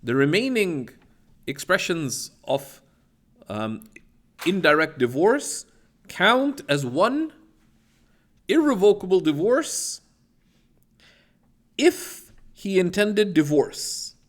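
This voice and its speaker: A man's voice: high-pitched, sing-song, takes it slowly, long pauses. A man teaching a class from a legal text. He reads Arabic passages aloud, explains them with many fillers and restarts, and keeps checking in with "right?".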